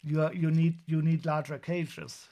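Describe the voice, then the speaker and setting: A man's voice: a little high, fairly even intonation, measured pace, dark tone. A man with a German accent chatting casually on a live stream while unboxing toys, wry and rambling with frequent restarts.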